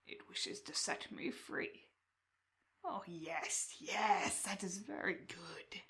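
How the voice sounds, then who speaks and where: A woman voicing a chained bird-headed man, slow and raspy, in a whispered role-play. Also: fairly low pitch. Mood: creepy whisper. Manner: hushed, drawn-out, sinister musing.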